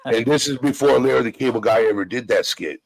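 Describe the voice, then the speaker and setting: A man's voice: medium pitch, fairly quick, gravelly, no echo, low-quality recording. A man from the American South, a guest on a casual livestream chat, who laughs often while telling stories. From Southern United States.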